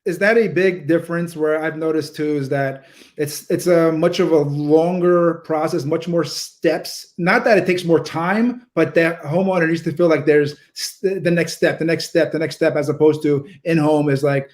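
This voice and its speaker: A man's voice: fairly high pitch, fairly even intonation, moderate pace, a little mellow. A man hosting a casual interview, asking conversational follow-up questions. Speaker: host.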